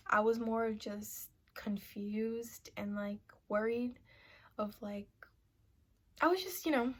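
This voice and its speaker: Chatty young woman, slightly high voice. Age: young adult. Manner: chatty, full of "like" and "you know" fillers. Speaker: vlogger. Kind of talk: casual sit-down story time. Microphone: camera mic, seated to camera.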